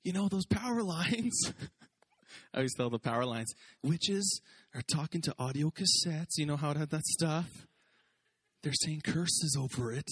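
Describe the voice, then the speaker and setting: A man preaching a sermon as pastor, lively and conversational, joking and acting out quotes. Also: high voice, husky.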